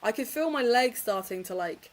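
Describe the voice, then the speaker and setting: Chatty and self-deprecating, a young woman laughs frequently while talking with viewers during a casual reading stream from her home office. Her voice is fairly high, with lively intonation and a normal pace.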